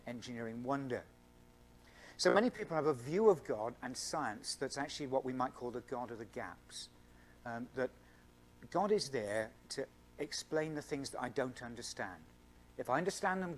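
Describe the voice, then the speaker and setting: A male scientist with a mid-range voice gives an earnest public lecture, an evening talk for a student Christian group at a university event. He explains using everyday examples and stresses key words, with a little hiss or hum on the recording.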